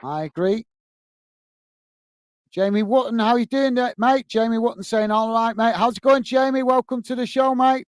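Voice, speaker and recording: Chatty high-voiced male match host. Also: normal speed, smooth, no echo. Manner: chatty, says "mate" a lot, reads chat messages aloud. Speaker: watch-along host and match commentator. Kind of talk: live match commentary reading viewer chat.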